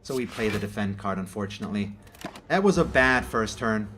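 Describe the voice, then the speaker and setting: A native German speaker from Germany hosts a gaming channel, giving casual, chatty gameplay commentary in English that rambles and often corrects itself mid-sentence. His voice is lowish, expressive, brisk and a bit bright, with soft music in the background.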